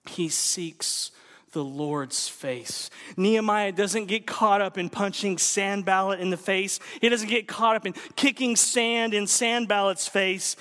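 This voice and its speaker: High-voiced emphatic preacher in a hall. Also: male voice, a bit bright. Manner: emphatic, alliterative preaching with dramatic pauses. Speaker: pastor. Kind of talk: sermon.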